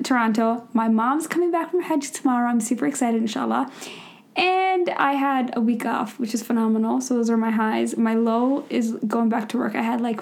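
Slightly raspy young woman podcast host. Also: a little high, a little mellow. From Minnesota. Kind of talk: casual chat.

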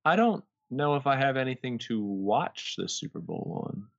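A man's voice: mid-range voice, very animated, moderate pace, creaky, dry recording, highs cut off. A man co-hosting a casual podcast, laid-back and joking, swearing casually. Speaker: podcast co-host. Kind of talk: casual chat.

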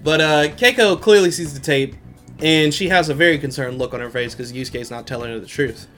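A man's voice: a little high, brisk, a bit bright, soft background music. A young man hosting a podcast, casually recapping an anime episode in slang and laughing often. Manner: slangy, laughs often, quotes characters in his own voice. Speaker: podcast host.

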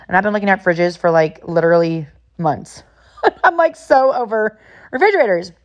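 A woman in her thirties from California, chatty and animated, telling a story casually to the camera with lots of "like". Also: mid-range voice, normal speed, highs cut off. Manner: chatty, animated, heavy use of "like".

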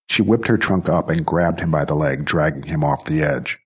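A male narrator reading a science-fiction story in steady, even storytelling. His voice is very deep, with a husky, grainy edge to it. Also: moderate pace. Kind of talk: scripted audiobook narration.

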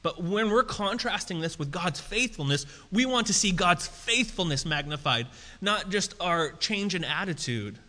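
A man preaching a sermon in a casual, conversational way that turns animated and emphatic. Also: high-pitched, moderate pace. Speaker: pastor. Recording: reverberant hall.

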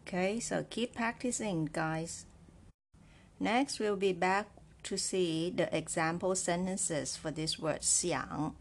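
A woman's voice: lowish voice, slow. A woman teaching a Chinese language lesson, explaining step by step, repeating example phrases and often checking in with "right?". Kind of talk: slow, patient spoken lesson.

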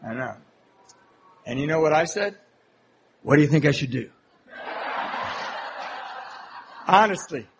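A man with a slightly higher than usual voice tells his recovery story to a live crowd at a meeting. He mocks himself with a comic touch and acts out the other people's voices. A faint hum of the hall sits behind him. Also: lively intonation, slow, long pauses. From Southern California. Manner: humorous, self-mocking storytelling with acted-out voices. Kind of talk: personal recovery story told to a live audience. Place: meeting hall before an audience.

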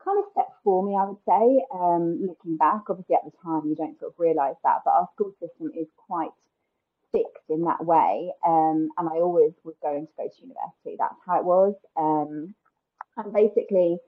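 Husky low woman on a tinny line. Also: moderate pace. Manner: thoughtful and rambling. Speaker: wedding planner guest. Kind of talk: casual podcast interview.

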